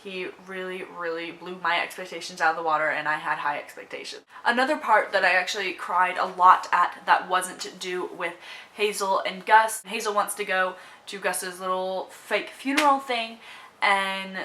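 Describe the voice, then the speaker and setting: Young female book vlogger, bright and emotional, on the edge of tears, rambling with fillers. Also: fairly low pitch, fairly even intonation, normal speed, rough recording. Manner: emotional, gushing, many fillers and restarts. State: tearful, on the verge of crying. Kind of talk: casual movie review vlog.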